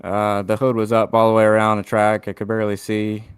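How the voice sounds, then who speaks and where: A man, a racing driver, giving a halting, laid-back post-race interview. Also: on the low side, completely flat delivery, clear, resonant tone, no echo, clean studio sound.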